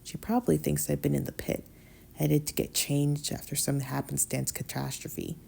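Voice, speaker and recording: A woman reads a first-person novella aloud as an audiobook narrator, her voice low-pitched and heavy with vocal fry. The tone is deeply dark and mellow. She keeps her delivery subdued and quiet, sometimes slipping into a whisper. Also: little pitch movement, normal speed.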